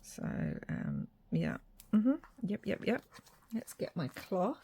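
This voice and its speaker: Slow, chatty woman crafting. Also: medium pitch, big pitch swings, a bit bright, husky. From Ireland. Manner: chatty, mutters asides to herself. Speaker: craft vlogger. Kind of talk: casual craft chat.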